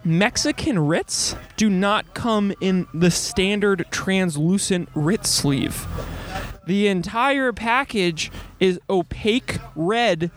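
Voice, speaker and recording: A young man with a fairly high voice tells travel stories on his podcast, animated and quick to laugh at himself. He is recording on a sailboat at sea. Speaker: podcast host. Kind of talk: casual storytelling monologue.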